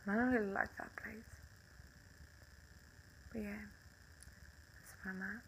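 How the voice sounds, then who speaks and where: A woman's voice: medium pitch, fairly even intonation, unhurried, slight background noise, poor audio. A young woman with a Swedish accent, speaking English in a casual monologue to camera, passionate and blunt, swearing often and breaking into bitter laughs.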